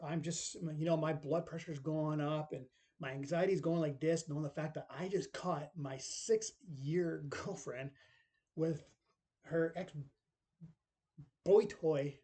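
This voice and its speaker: A man's voice: fairly high pitch, mellow. A middle-aged man telling a personal story in casual, rambling speech, full of tag questions and acted-out quotes.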